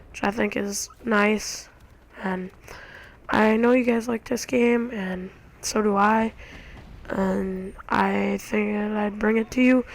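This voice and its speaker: A woman giving casual gameplay commentary, excitable and acting out her own reactions. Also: medium pitch, gravelly, rough recording. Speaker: gamer. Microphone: console share recording.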